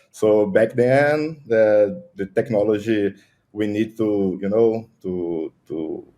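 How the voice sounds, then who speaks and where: A man talking as a guest engineer on a casual tech podcast, telling a story in a halting, playful way. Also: on the low side, warm tone.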